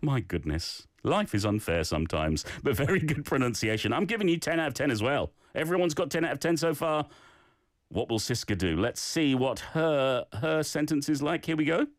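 A man's voice: mid-range voice, expressive, normal speed, no room sound, clean studio sound. A man hosting a radio language segment, encouraging and playful as he gives feedback to listeners. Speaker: radio host.

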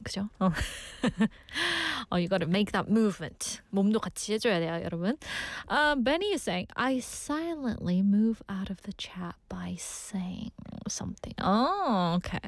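Lively, fast-talking young woman radio DJ. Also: mid-range voice, dry recording, studio quality. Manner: playful, giggly, switches between two languages. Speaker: radio DJ host. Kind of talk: bilingual radio show chat reading listener messages.

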